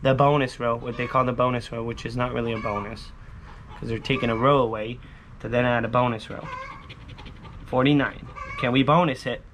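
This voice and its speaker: A man who vlogs about scratching lottery tickets, talking casually to his viewers and yelling catchphrases. His voice sounds hoarse from shouting, and he sounds close to a camera set on a table indoors. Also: mid-range voice, fairly even intonation, brisk, slight background noise.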